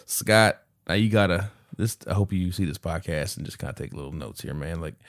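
Deep-voiced guy cohosting a movie podcast, loose and cussing, kinda tipsy, dry close mic. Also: a little fast, no room sound. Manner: loose, profane, laughing, says he is tipsy on whiskey. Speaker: podcast co-host. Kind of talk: casual podcast banter.

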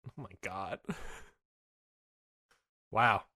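A man's voice: on the low side, very slow, pushed and bright. A man co-hosting a casual podcast, reacting with laughs and repeating himself. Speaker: podcast co-host. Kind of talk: casual chat.

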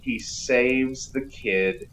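A man's voice: mid-range voice, very slow, a bit bright, slight background noise, rough recording. A man co-hosting a podcast, joking his way through a casual movie review and retelling scenes in silly voices. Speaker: podcast co-host.

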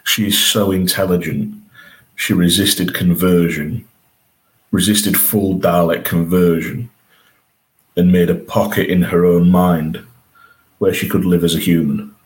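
A man's voice: low voice, level tone, unhurried, poor audio. A man co-hosting a podcast, chatting eagerly about a TV episode and often restarting his sentences. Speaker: podcast co-host. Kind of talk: casual chat reviewing a TV episode.

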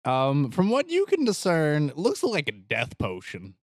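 Lively male game master. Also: a little high, a little slow, no echo, clean studio sound. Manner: animated, voices characters. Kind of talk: narrating a tabletop game.

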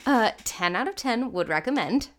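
A woman's voice: fairly high pitch, expressive, moderate pace, a bit bright. A woman co-hosting a casual podcast, making short, decisive remarks. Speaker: podcast co-host.

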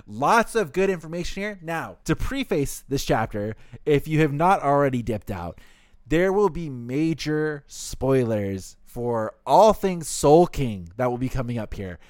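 A man's voice: a little high, big pitch swings, a little slow, a little mellow, no echo, clean studio sound. A man hosting a podcast, recapping a novel chapter in loose casual chat, swearing freely and reading passages aloud. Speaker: podcast host.

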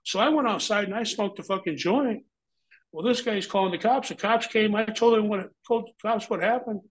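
A man's voice: high voice, normal speed, low-quality recording. A middle-aged man, a former pro wrestler, telling a story as an interview guest in a blunt, heavily profane way.

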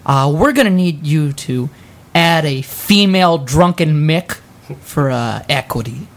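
A woman's voice: low-pitched, expressive, measured pace. A woman improvising a comedy scene in a pushy, sarcastic, mock-earnest way. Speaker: improv performer. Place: small theater stage.

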